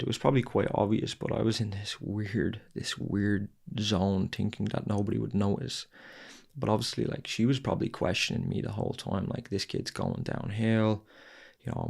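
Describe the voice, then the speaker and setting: A man's voice: on the low side, fairly quick, gravelly, a little mellow, breathy edge. A man hosting a podcast and telling a raw, candid personal story, swearing and repeating his phrases. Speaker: podcast host.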